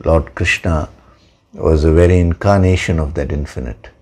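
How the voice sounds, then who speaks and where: A man giving a spiritual discourse as a teacher, in a measured, emphatic way, repeating words for stress. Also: extremely low pitch, fairly even intonation, darkish tone. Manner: slow, measured, emphatic with repetitions.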